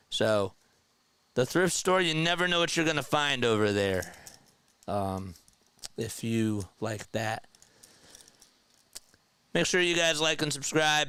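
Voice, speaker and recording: A young man doing casual play-by-play of a live baseball game and chatting with his viewers between pitches. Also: clear, resonant tone, no room sound. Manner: gets loud and high when excited. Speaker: fan play-by-play streamer.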